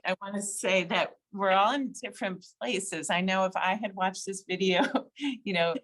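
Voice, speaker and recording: A woman facilitating an online group discussion, gentle and inviting, pausing on many ums. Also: medium pitch. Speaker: event facilitator. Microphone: video call.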